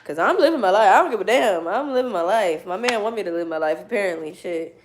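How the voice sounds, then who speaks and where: A woman's voice: mid-range voice, expressive, fast, a little hiss or hum. A young woman telling a casual story to her viewers, loose and slangy, with frequent swearing and laughter. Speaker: tarot reader.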